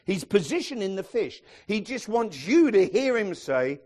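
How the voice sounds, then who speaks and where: A man preaching a sermon to his congregation, animated and sometimes shouting as he acts out the people in his stories. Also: high-pitched, a little slow, few pauses. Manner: animated, acts out quoted voices, some shouting.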